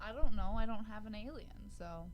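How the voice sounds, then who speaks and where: A woman's voice: medium pitch, lively intonation, brisk, crowd noise, low-quality recording. A young woman co-hosting a podcast, talking bluntly in casual slang with plenty of swearing. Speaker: podcast co-host. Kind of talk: casual chat.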